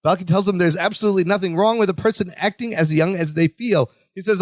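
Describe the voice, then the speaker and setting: High-voiced man recapping a sitcom. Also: fast, few pauses, dry recording. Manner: playful, acts out quoted lines in funny voices. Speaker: podcast co-host. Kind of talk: casual chat recapping a sitcom episode.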